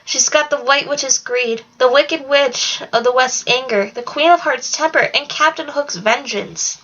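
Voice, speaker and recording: A woman's voice: high-pitched, unhurried, a bit bright. Alex, an earnest teenage girl, read by a woman. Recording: dull lo-fi recording.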